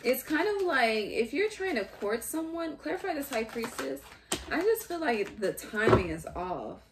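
A young adult woman giving a casual tarot reading, musing aloud in halting fragments and restarts. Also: high-pitched, big pitch swings, noisy background. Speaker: tarot reader.

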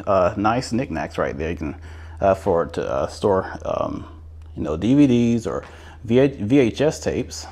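Inside a manufactured home show model, a man on the low side with a darkish tone walks the rooms holding a camera. His casual narration is enthusiastic and chatty, and he repeats words.

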